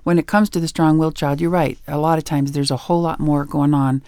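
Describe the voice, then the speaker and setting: Speaking fast in a deep, clean voice without any echo, this middle-aged author and educator gives parenting tips on a radio interview. She's a lively storyteller who performs bits of dialogue as her anecdotes unfold.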